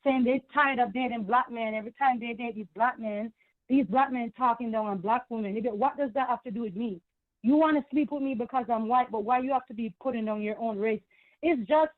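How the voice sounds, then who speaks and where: Lady ranting on a call-in, high pitched, indignant, thin phone sound. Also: no room sound. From Caribbean. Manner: emphatic, repetitive, indignant. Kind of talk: heated call-in rant. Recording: tinny phone line.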